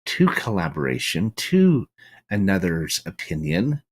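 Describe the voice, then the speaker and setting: Husky, lively-voiced man musing aloud. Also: low voice, measured pace. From United States. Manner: reflective, storytelling, frequent restarts and "right?" tags. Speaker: podcast host. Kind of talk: solo monologue.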